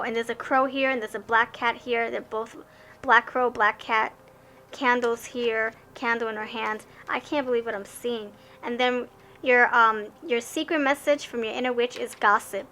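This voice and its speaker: Bright, chatty young woman reading tarot. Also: on the high side, fairly even intonation, normal speed. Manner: chatty, rambling, stammers and restarts. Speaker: tarot card reader. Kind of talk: casual tarot reading to camera.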